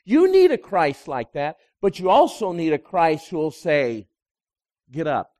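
A man, a pastor, preaching a sermon that swings between loud emphasis and hushed, quiet moments. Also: on the high side, huge pitch swings, measured pace.

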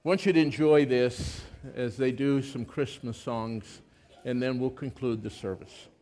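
A man's voice: medium pitch, steady tone, unhurried, dark tone. A man preaching at a church service, telling a personal story dramatically and acting out the scenes before praying. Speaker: pastor. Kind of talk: storytelling sermon.

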